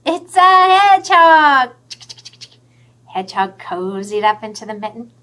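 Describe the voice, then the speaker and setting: A woman, a children's librarian hosting a storytime with puppets, talking in an animated, expressive way that drops to whispers for the hints. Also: fairly high pitch, a little slow, long pauses.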